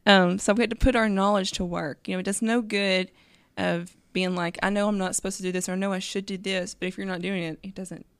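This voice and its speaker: Woman talking faith stuff casually, smooth lowish voice, dry close mic. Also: a little fast, few pauses, dry recording. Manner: relaxed, rambling, frequent "you know". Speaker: podcast co-host.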